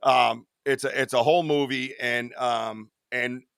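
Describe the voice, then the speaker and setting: A man's voice: mid-range voice, steady tone, a little slow, creaky, fairly bright tone, clean tone, dry recording, studio quality. A man hosting a live podcast, chatting casually in a rambling way, swearing and laughing at his own stories. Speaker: podcast host. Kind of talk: casual live-stream chat.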